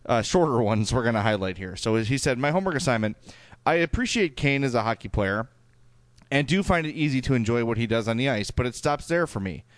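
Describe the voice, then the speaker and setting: Smooth-voiced Chicago man, dry sound. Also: medium pitch, lively intonation, fast talker, no echo. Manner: reads listener emails aloud, hedging with fillers. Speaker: podcast co-host. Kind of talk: casual podcast chat.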